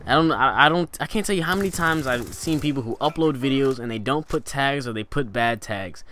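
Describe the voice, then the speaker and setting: Sharing tips on his gaming channel, a young man chats in a loose, instructional vlog way, full of fillers and false starts. His voice is expressive, a little fast, pushed and bright, with pitch swinging up and down to stress points.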